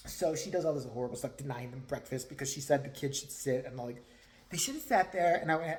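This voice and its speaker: A man's voice: mid-range voice, quick pace. A male vlogger ranting crudely, mocking and laughing often as he talks. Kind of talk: profane rant commentary.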